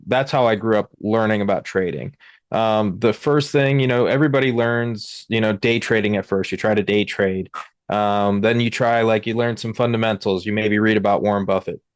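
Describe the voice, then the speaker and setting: A man's voice: on the low side, no room sound, studio quality. A young adult man hosting a live market show, talking casually and rambling, with many fillers and restarts. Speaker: host. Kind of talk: casual livestream market talk.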